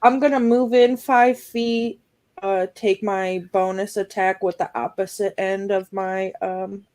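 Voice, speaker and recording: A woman playing a tabletop game talks her turn through slowly. She hesitates often and thinks aloud as she decides what to do. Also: mid-range voice, level tone, darkish tone, no echo. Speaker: player. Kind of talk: casual tabletop game play.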